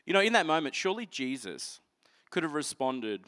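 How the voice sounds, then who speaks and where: A man delivering a sermon in a bright, clear voice, pitched a little above most men. He walks listeners through scripture earnestly, sometimes pressing forward with energy and sometimes dropping to a hushed, intimate tone. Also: big pitch swings, brisk. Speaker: preacher.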